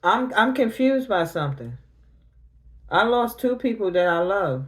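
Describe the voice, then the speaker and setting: A woman's voice: medium pitch, big pitch swings, measured pace. A middle-aged woman tarot reader talking on a livestream, grieving and confronting her family directly in casual, emotional speech.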